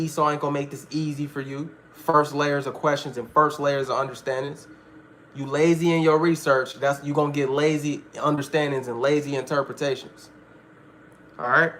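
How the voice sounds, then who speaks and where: A man's voice: fairly high pitch, a bit bright, a little hiss or hum. A man teaching a Bible study in a preaching style, emphatic and full of street slang, often asking listeners if they follow. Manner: street slang, repeats "all right".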